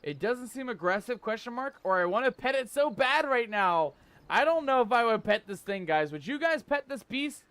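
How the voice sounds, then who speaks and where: A man streaming a game live, joking in mock pirate talk, reading the game's text aloud and shouting out in surprise. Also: extremely high pitch, expressive, moderate pace, smooth, no room sound. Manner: laughs often, exclaims loudly.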